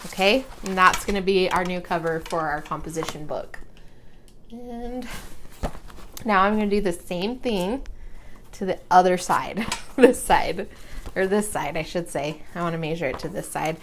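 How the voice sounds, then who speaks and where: Speaking at a normal speed in a lowish voice, a young crafting vlogger chats her way through a craft tutorial, giggling and humming while she works. Slight background noise can be heard.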